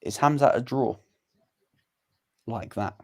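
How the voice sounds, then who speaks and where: A man co-hosting a casual fight watchalong, eager and opinionated, quick to call the next matchups. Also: medium pitch. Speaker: co-host. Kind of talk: casual fight commentary chat.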